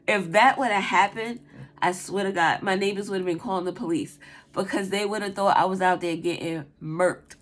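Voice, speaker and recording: A woman's voice: medium pitch, moderate pace. A woman doing a tarot reading, who first tells a casual story with lots of swearing and laughter. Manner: animated, profane, laughs while telling a story. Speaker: tarot reader.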